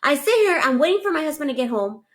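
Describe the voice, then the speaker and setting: A woman casually telling a personal confession, animated and acting out the dialogue of everyone involved. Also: sits high, fast. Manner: animated, quotes herself and others. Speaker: storyteller sharing a confession. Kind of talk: casual storytelling.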